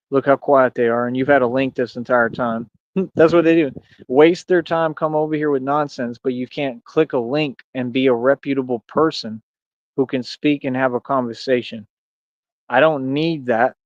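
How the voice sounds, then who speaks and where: A man's voice: mid-range voice, darkish tone, no echo. A man hosting a livestream, rambling boastfully and taunting his chat in slangy, casual talk. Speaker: livestream host. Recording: dull, lo-fi dry mic.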